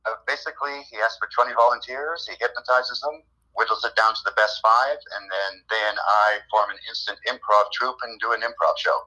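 A man's voice: lowish voice, steady tone, a little fast, sharp tone, rough recording. A man chatting as a guest in an interview, with dry, self-deprecating humor and frequent chuckles. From Canada. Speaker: guest, improv comedian. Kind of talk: casual interview chat.

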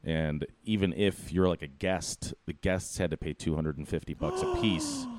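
A man casually telling a story about his bartending job, animated, acting out the quotes, with plenty of swearing. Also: deep voice, moderate pace, slight background noise. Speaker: bartender and podcast guest.

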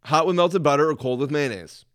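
A man's voice: fairly high pitch, brisk, a bit bright, no room sound, studio quality. A man co-hosting a podcast in casual comedic chat, telling stories in a laid-back way. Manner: laid-back storytelling with chuckles. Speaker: podcast co-host.

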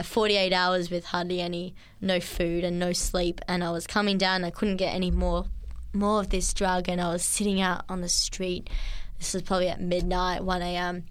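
A woman recounts her experience in an interview, earnest and halting, often restarting her sentences. Her voice sits on the low side. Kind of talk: testimony interview.

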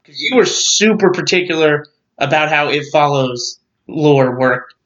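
A man with a slightly high voice argues his case in a casual film chat, pushing back and pressing each point. The recording sounds dull and lo-fi. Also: animated, unhurried, a bit bright. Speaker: podcast co-host.

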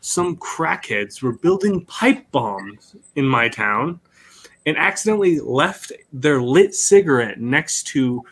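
A man's voice: a little high, expressive, takes it slowly, fairly bright tone, breathy edge. A man telling a rambling, profane story in casual podcast chat, laughing as he goes. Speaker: podcast co-host.

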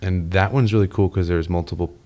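Very deep-voiced young man, laid-back. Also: brisk. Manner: relaxed, frequent murmured agreement, casual swearing. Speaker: podcast co-host. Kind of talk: casual book discussion.

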